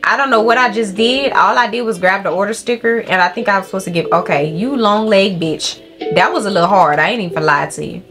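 A woman's voice: medium pitch, fast. Foul-mouthed young woman gaming. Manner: profane, excitable, talks to her viewers. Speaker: gaming creator. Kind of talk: let's play commentary. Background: game music.

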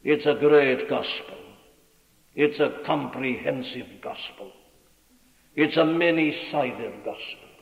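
A man's voice: mid-range voice, slow, creaky. Man preaching in a tinny, echoey hall. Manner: emphatic, declamatory preaching with scripture quoted. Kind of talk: sermon. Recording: tinny, echoey old church hall recording.

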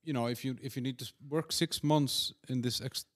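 A man hosting a casual podcast interview, asking halting questions and murmuring along as he listens. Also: mid-range voice, fairly even intonation. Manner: hesitant questions, frequent backchannel murmurs. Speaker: podcast host.

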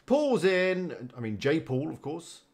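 A man's voice: on the high side, very animated, takes it slowly, heavy background noise. Chatty man on a live stream. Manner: chatty, rambling, greets viewers by name. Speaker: live-streaming website builder. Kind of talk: casual live stream chat.

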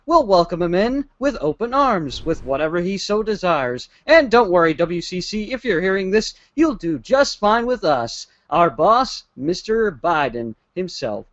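A man doing a smug high-voiced caller. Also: fairly bright tone, no echo, muffled recording. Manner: smug, teasing, thin light voice.

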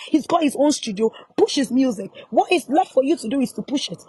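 A woman's voice: high voice, dark tone, slightly rough. A Ghanaian woman, a music promoter, angrily scolding a journalist in a heated live rant and repeating her questions.

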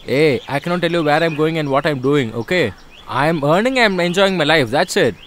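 A man's voice: a little high, animated, fairly quick, a bit bright, slight background noise, rough recording. A man voicing a brash, boastful young man in a film dub. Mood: dismissive. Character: brash young man, dismissive husband and crude friend.

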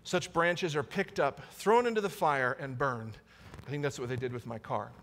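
In a church sanctuary with long, reverberant hall echo, a pastor preaches earnestly, repeating key lines for emphasis. His voice is medium-pitched and a bit bright, at a normal pace.

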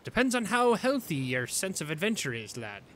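A man's voice: high voice, big pitch swings, moderate pace, fairly bright tone, a little hiss or hum. A man voicing a salty pirate captain in a growly pirate drawl, reading game dialogue. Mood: scheming. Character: gruff male pirate captain, salty and stern.

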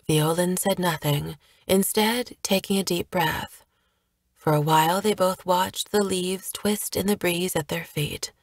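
In a measured, even storytelling manner, a woman narrates a scripted audiobook. Her voice is lowish, and the recording has clean studio quality with no echo.

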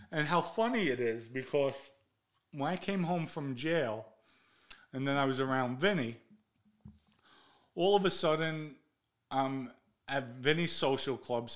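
Middle-aged New man, average pitch; blunt, profane interview guest who acts out every quote. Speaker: guest recounting his past. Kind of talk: candid storytelling.

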